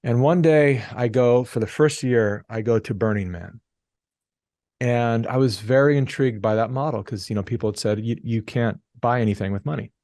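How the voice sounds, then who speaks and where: A middle-aged man talks as a podcast guest in a relaxed, storytelling way. He gets animated and slips into the voices of the people in his anecdotes. The recording is close and dry, with no room sound. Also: mid-range voice, normal speed, no room sound. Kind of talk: casual storytelling interview.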